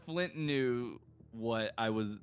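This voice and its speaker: A man's voice: medium pitch, takes it slowly, soft background music. A man running a tabletop game as game master, joking and laughing at himself. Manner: laughing, self-deprecating.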